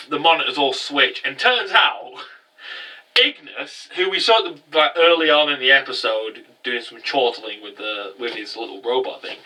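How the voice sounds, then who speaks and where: A man giving a casual, rambling recap of an anime episode, breaking into loud incredulous outbursts. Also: on the high side, distant mic, rough recording. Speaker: anime reviewer.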